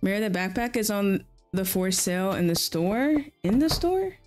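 Here the streamer speaks in a mid-range, sing-song voice at a moderate pace, slightly mellow, with faint music in the background. She's playing a farming game and keeps up lighthearted live chat, answering viewers and reacting as she goes.

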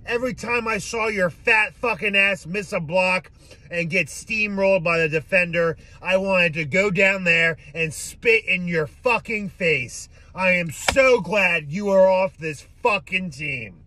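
A man delivers an angry, profanity-laden fan rant into his phone from inside a car. His voice is bright and forceful and a bit high for a man, and he drags the words out slowly. Faint car noise hums behind him. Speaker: sports fan vlogger. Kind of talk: ranting fan vlog.

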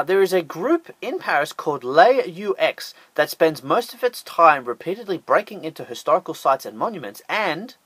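A man's voice: high-pitched, a bit bright, husky, no room sound. An Australian man narrating a scripted top-ten list with sarcastic, jokey asides.

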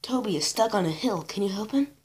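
A woman's voice: medium pitch, animated, fast talker, a little hiss or hum, voice pushed up, lightly acted. A woman voicing a confident, cheerful young male engine who is self-assured and encouraging. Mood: urgent.

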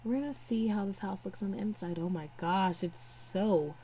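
A woman's voice: medium pitch, normal speed, warm tone, slight background noise. A young woman giving casual let's-play commentary, chatting to her game characters as she plays. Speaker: gameplay narrator. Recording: faint game music behind.

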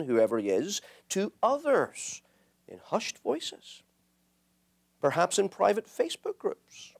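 A man preaching a sermon, emphatic and building to impassioned peaks. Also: on the high side.

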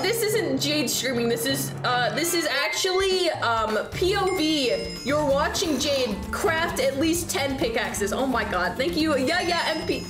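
A young woman streaming a game, chatting with her viewers in an excitable, exclamatory way with lots of swearing. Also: high voice, moderate pace, roomy sound, over music. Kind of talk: casual live-stream gameplay commentary.

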